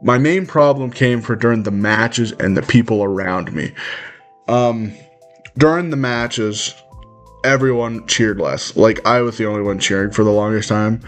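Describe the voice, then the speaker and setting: A young man telling a story in a casual vlog rant, animated and swearing freely, often jumping into high-pitched voices to act out what others said. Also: a little slow, faint music behind. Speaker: vlogger.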